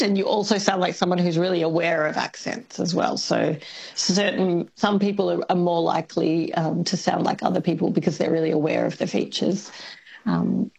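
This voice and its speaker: A woman speaking as an academic guest on a radio show, explaining things thoughtfully with fillers and soft laughs. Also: on the low side, gravelly, breathy edge, low-quality recording. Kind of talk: radio interview.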